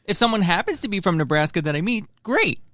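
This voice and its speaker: Wry man in quick banter. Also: high voice, very animated, a bit bright, no echo. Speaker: podcast co-host. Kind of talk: casual chat.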